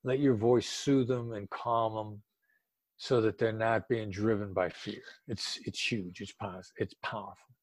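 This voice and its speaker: A man's voice: fairly low pitch, steady tone, a little slow, no echo. An older man speaking as an expert guest in a casual interview, emphatic and drawing out words for stress.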